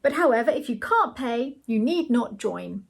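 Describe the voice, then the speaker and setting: A woman reading the lines of a pompous, condescending male earl in a storybook, in a grand, airy manner with a husky voice. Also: on the high side, very animated, normal speed, heavily acted. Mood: lofty.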